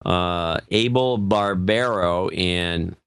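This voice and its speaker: A man's voice: low voice, drawn-out words, a bit bright, clean tone, no echo. A male podcast co-host in casual chat, reading out donor names in an offhand way and stumbling over some of them.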